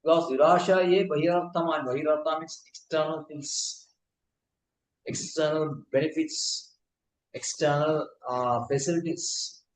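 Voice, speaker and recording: A man giving a scripture lecture, pausing often with fillers and restarts. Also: fairly high pitch, slight background noise. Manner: halting, frequent fillers and restarts. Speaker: spiritual teacher. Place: temple hall. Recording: echoey hall.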